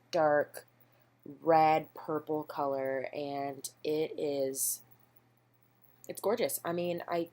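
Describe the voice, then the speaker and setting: At home, a young beauty vlogger chats casually through a makeup haul, rambling and self-deprecating with lots of ums. Her voice is low and a little mellow.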